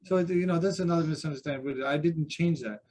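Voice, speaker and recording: A man's voice: on the high side, quick pace, darkish tone. A man who teaches Buddhism, sharing anecdotes with self-deprecating humor in a group discussion at a seminar.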